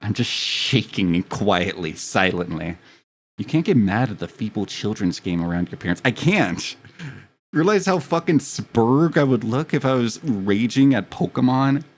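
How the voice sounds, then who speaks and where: Young adult male streamer, casual and profane, rambling self-mocking chat, slightly low pitch. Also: lively intonation, a little slow.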